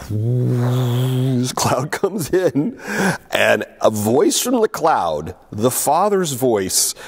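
A man preaching a sermon as pastor, talking in a lively, conversational way with frequent fillers and restarts. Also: mid-range voice. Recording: long hall reverb.

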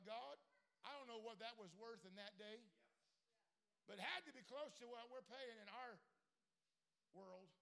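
High gravelly pastor, preaching, goes from storytelling to shouting. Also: male voice. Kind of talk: sermon.

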